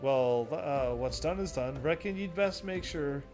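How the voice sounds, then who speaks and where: A drawling, folksy chocobo handler doles out homespun advice, as a man reads him aloud. The voice sits fairly high and stumbles now and then over the lines. Faint game music plays underneath. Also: a little slow, lightly acted. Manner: reading quest dialogue aloud with hesitations.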